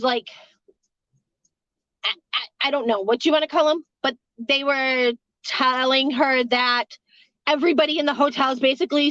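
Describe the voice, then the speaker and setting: A woman's voice: high-pitched, a bit bright, dry recording, dull audio. A woman who works a hotel front desk, telling a story casually, rambling, swearing freely and laughing between lines.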